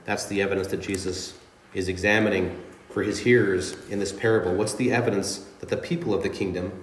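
A man's voice: low voice, fairly even intonation, a little fast, roomy sound, a little hiss or hum. A man preaching a sermon as pastor, speaking earnestly and emphatically, with dramatic readings of scripture. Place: church sanctuary.

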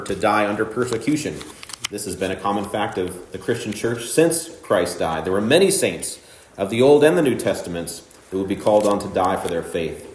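Deep-voiced man preaching in an echoey room. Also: a little hiss or hum. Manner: measured expository preaching with emphatic phrases. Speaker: pastor. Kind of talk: sermon.

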